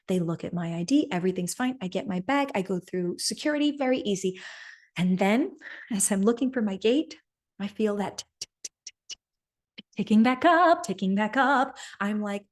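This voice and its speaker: A woman's voice: fairly low pitch, darkish tone. Earnest woman host. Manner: earnest, repeats "right?" often. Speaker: podcast host. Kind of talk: personal story and coaching talk.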